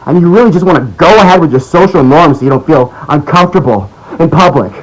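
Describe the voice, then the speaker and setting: An American man delivering an angry, sarcastic, profane political rant as the host of his own video monologue, swinging between low mutters and loud outbursts. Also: lively intonation, quick pace, rough recording. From United States. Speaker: political commentator.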